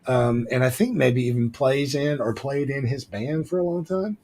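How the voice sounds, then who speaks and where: Guy cohosting a chatty podcast, mid pitch, rambles a lot with ums and restarts, remote call mic. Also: moderate pace, dark tone. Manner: rambling, lots of fillers and restarts. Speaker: podcast co-host. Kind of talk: casual chat.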